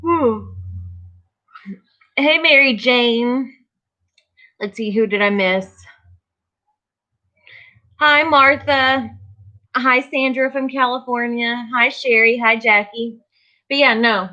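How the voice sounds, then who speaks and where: Sleepy lady on a livestream, slow chat, kinda dull lo-fi sound. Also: on the high side, pushed and bright. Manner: tired, slow and sighing, greeting viewers by name. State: tired, yawning. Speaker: livestream host of a vinyl crafting channel.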